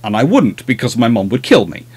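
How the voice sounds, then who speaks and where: A man's voice: medium pitch, sing-song, a little fast, darkish tone, slightly rough. A man hosting a livestream, chatting casually and telling rambling, self-deprecating anecdotes. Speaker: host of a naval history livestream.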